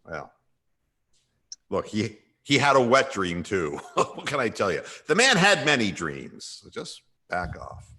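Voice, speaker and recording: A man's voice: lowish voice, wildly swooping pitch, a little slow, pushed and bright, breathy edge. A man hosting a comedic sports talk radio show, sardonic and irreverent, with frequent sighs.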